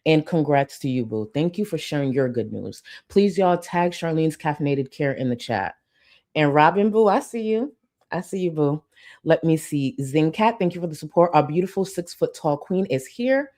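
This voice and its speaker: A woman's voice: deep voice, animated, moderate pace, a little mellow. A woman from Houston, Texas, chatting playfully as a live streamer and thanking viewers for super chats, laughing often and using slang. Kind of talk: casual livestream chat reading super chats.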